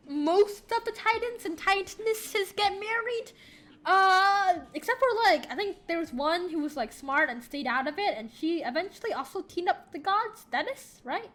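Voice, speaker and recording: A woman's voice: sits high, a bit bright. A woman rambling through a storytime while drawing, often sidetracked and correcting herself. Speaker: storyteller and artist.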